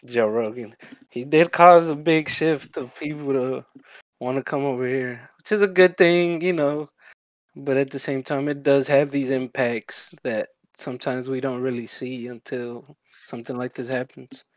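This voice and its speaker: A man co-hosting a podcast, explaining things in a relaxed, loose way with slang. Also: mid-range voice, a little slow, no echo. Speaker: podcast co-host. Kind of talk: casual chat.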